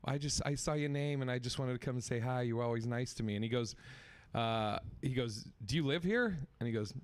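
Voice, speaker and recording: A comedian telling swearing, animated stories with acted-out quotes on a podcast. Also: male voice, mid-range voice, fast talker, clear, resonant tone. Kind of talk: storytelling on a podcast.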